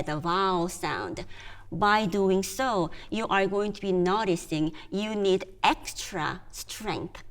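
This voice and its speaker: A woman music therapist gently guiding a group through breathing and voice exercises, with encouraging praise. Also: on the low side.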